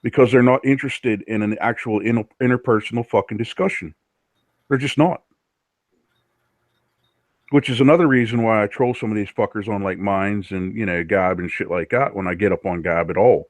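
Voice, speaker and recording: A man's voice: on the low side, fairly quick, no echo. A man on a podcast panel, chatting casually and boastfully with heavy swearing. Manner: brash, boastful, swears heavily. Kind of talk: casual profane chat.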